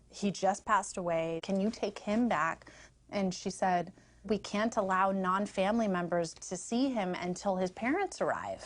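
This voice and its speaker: A woman's voice: on the low side, darkish tone. A woman in a documentary interview, telling a story about a friend in an earnest way.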